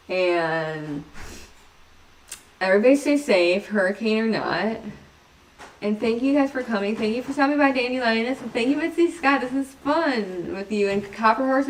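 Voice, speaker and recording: A woman's voice: medium pitch, far from the mic, slight background noise. A woman hosting a casual livestream chat, rambling from topic to topic, giggling often and poking fun at herself. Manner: giggly, rambling, self-mocking. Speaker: livestream host.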